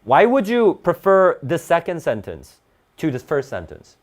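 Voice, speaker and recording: A man's voice: fairly high pitch, wildly swooping pitch, unhurried. A man teaching a grammar lesson to a class, restarting words often and checking in with "right?".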